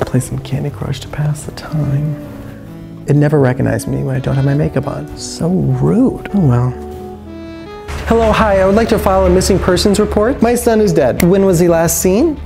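A male comedian playing a paranoid, overprotective middle-aged mother who frantically spins wild theories and lets out shrill outbursts. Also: a little mellow. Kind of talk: comedy sketch acting.

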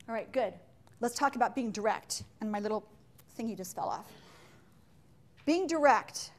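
A woman giving a live business talk to an audience in an animated, joking way, firing questions at the listeners. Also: on the high side. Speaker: leadership speaker.

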